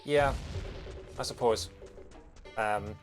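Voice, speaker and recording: A man's voice: on the low side, very slow. A young man with a strong accent, chatting casually and hesitantly while streaming a game. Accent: strong non-American accent, from outside America. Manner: hesitant, with fillers and restarts, self-deprecating. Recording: music playing behind.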